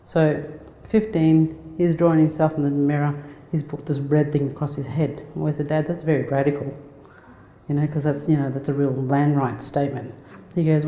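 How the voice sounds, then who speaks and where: A woman in her forties speaks as a guest speaker, heartfelt and conversational, often restarting her sentences. Her voice is very dark and mellow. A long, echoey reverb from the lecture hall surrounds her. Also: deep voice, level tone, moderate pace. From Australia. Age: 40s. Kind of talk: personal storytelling talk.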